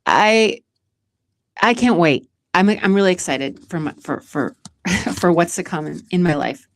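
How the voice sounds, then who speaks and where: A woman's voice: fairly low pitch, animated, measured pace, dry recording. A woman from Massachusetts hosting a casual vlog, answering questions in a chatty, emotional way, laughing often and restarting her sentences. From Massachusetts, USA. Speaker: show host and community founder.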